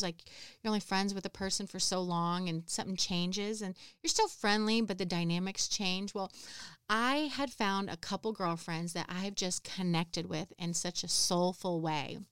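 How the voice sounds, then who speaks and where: A woman's voice: mid-range voice, clean tone, dry recording, clean studio sound. A woman in her thirties hosting her own podcast, chatting casually and poking fun at herself, often laughing. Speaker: podcast host. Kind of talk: casual solo podcast chat.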